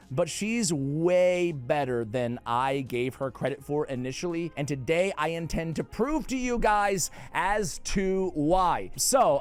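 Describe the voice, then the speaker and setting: A man's voice: a little high, clear, resonant tone. Jokey New England man, gaming chat. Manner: playful, jokey, sudden excited outbursts. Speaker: game guide creator. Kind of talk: casual gaming commentary.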